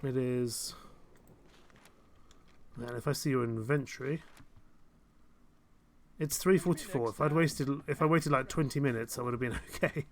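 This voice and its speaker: A young game streamer pauses often while chatting at a moderate pace in a medium-pitched voice. Playing live, he gives rambling, self-deprecating commentary and chuckles frequently.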